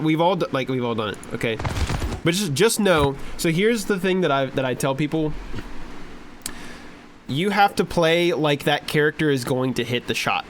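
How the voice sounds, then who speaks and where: A man talks through gameplay footage as a casual coach, his voice sitting a little high. He sounds encouraging and chatty, and he often repeats his instructions. Faint ambient noise runs under his voice. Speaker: streamer coach.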